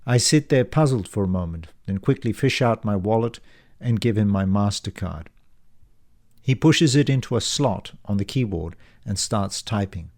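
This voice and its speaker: Here a male author voices his own novel as first-person narration. He speaks on the low side, keeping a steady reading pace and a measured, descriptive style.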